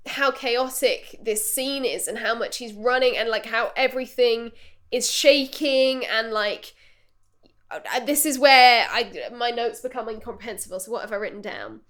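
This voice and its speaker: A woman's voice: fairly high pitch, expressive, moderate pace, fairly bright tone. A woman co-hosting a comedy podcast, talking enthusiastically about favourite scenes in a casual chat. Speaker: podcast co-host.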